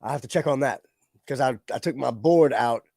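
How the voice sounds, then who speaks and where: A man's voice: mid-range voice, brisk, creaky, darkish tone, dry recording, studio quality. A man hosting a casual live-stream, chatting loosely with viewers in a laid-back way. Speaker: livestream show host. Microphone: studio microphone with audio interface.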